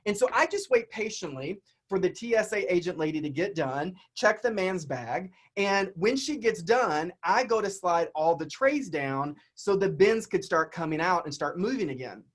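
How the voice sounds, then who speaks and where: A man's voice: sits high, normal speed, hardly any pauses. A man from the American South giving a keynote over a video call, telling a story to his audience and calling them y'all. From Southern United States. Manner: animated, chatty, addresses audience as y'all. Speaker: keynote speaker.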